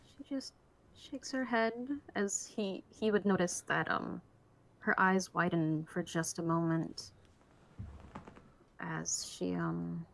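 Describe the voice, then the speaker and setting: A woman's voice: mid-range voice, gravelly, a bit bright, poor audio. A woman narrating her character's actions as a player in a tabletop game, hesitant and laughing. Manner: hesitant, many fillers, laughs.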